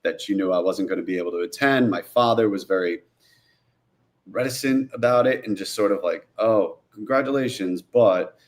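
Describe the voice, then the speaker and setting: A low-voiced man from New Jersey recounts his past as an interview guest. He tells it with animation, slipping into the voices of people he quotes. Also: moderate pace. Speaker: guest, author and film director. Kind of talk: candid storytelling interview.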